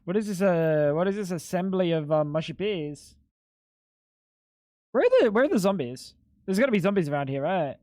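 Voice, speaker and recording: A man's voice: high-pitched, sing-song, normal speed, pauses often, dark tone, no echo, studio quality. A young adult man streaming a game live, joking and chatting playfully with his viewers. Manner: joking, playful, talks to chat. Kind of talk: casual live-stream chat while gaming.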